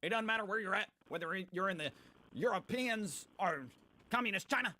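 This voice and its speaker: A man doing a shrill smug know-it-all. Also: lively intonation, fairly quick, sharp tone, full character voice. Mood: mocking. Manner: high-pitched mocking whine.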